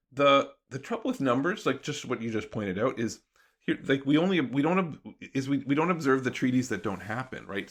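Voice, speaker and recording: A man with a low, gravelly voice talks through his ideas as an interview guest. He sounds like a professor laying out an argument step by step, thoughtful and explanatory in an easy conversational way. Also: a bit bright.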